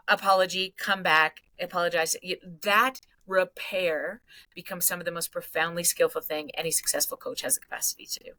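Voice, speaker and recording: Bright, lively woman psychologist on a podcast. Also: on the low side, a little fast, dry recording, low-quality recording. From Canada. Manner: animated storyteller, swings into loud acted outbursts. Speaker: psychologist guest. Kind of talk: energetic podcast conversation.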